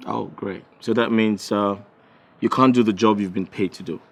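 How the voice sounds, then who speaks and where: A smug, dismissive rich groom in a film drama with a Nigerian accent. His voice sits somewhat low and he taunts with ease. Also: fairly even intonation, moderate pace, creaky. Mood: taunting.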